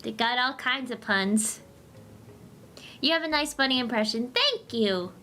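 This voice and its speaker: A woman's voice: a little high, lively intonation, a little slow, pushed and bright, slight background noise. Playful woman reading comics live. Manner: playful, joking asides, switches into character voices. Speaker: streamer reading comics aloud. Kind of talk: live-stream comic read-along with character voices.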